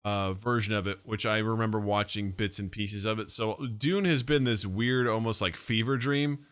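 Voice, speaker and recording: A man co-hosting a podcast in casual chat, a rambling storyteller who keeps slipping into quick impressions. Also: on the low side, fairly even intonation, a bit bright, clean tone. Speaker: podcast co-host.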